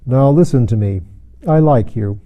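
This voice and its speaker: A man voicing a huge, commanding president with a genial menace, speaking slowly and deliberately. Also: mid-range voice, narrow, tinny audio, close to an everyday voice. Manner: slow, deliberate, brisk and mocking.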